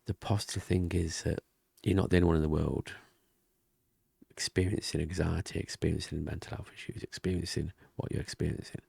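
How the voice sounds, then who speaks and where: At his desk in a thin-walled room at home, a man murmurs through a casual diary vlog, half-whispering and rambling between thoughts. His deep, gravelly, husky voice stays fairly flat in pitch and moves fairly quickly, captured dry and close on a desk mic and webcam.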